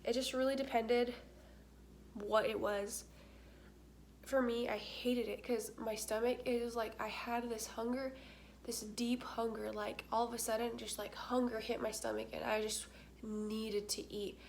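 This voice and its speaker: Young woman vlogger, slightly high voice, chatty and candid, plenty of filler words. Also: level tone, a little slow, vocal fry, a little hiss or hum. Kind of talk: casual chat to camera.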